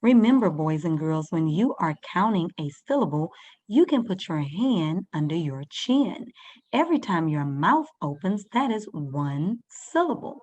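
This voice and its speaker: Slow, patient woman teaching first graders. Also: on the low side, very animated, a little mellow. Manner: slow, patient, sounding out words for children. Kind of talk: first-grade reading lesson.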